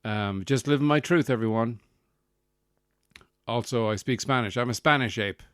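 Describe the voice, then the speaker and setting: A man voicing a smug, defensive male ape who insists on his identity, in a loud mocking tone. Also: medium pitch, normal speed, clear, resonant tone, dry recording, studio quality, natural voice.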